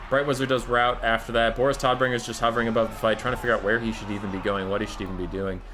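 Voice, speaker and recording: Upbeat American caster from Minnesota, bright and joking, faint noise underneath. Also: male voice, medium pitch. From Minnesota, USA. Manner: joking, animated. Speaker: tournament commentator. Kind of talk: casual game commentary.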